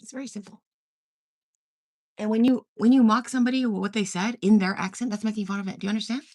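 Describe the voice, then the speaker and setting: A woman's voice: mid-range voice, steady tone, fast, a little mellow, no echo, clean studio sound. A woman from Korea hosting a casual livestream, reading comments and giving blunt, profane opinions. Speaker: livestream host.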